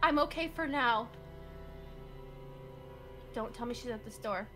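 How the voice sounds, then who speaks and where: A woman's voice: on the high side, unhurried, music in the background. A young woman playing along in a gaming video, chatting casually and teasing her friend. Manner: playful, teasing. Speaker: gaming co-player. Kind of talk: casual gameplay chat.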